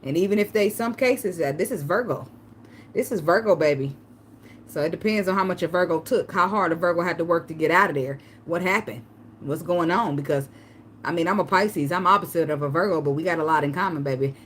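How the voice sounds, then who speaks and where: Woman tarot reader, lowish voice, lively storytelling monologue, faint background hiss. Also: brisk. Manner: animated storytelling, acts out begging in a high pleading voice, laughs often. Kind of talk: casual spiritual advice monologue.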